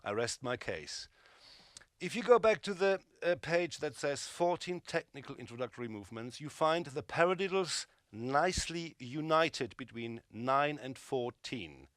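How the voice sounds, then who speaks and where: An emphatic male drum teacher who counts beats and calls right and left hands aloud, with blunt asides. His voice sits a little high and swings widely in pitch. The sound is dry and close, with no room echo. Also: animated, a little slow, fairly bright tone. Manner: opinionated, dismissive asides. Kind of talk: instructional drum lesson.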